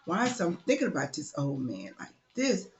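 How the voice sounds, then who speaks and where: A woman's voice: low-pitched, huge pitch swings, normal speed, lo-fi sound. A woman telling a story plays a young schoolgirl who answers curtly and defensively. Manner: curt, defensive. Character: young schoolgirl, wary but tempted.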